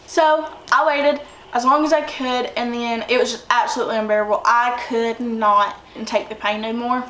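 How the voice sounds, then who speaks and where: A woman's voice: fairly high pitch, steady tone, moderate pace, few pauses, a bit bright. Young woman, chatty, in an echoey room. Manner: chatty, rambling with many fillers. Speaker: vlogger. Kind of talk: casual storytelling. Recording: roomy echo, distant from mic, faint noise.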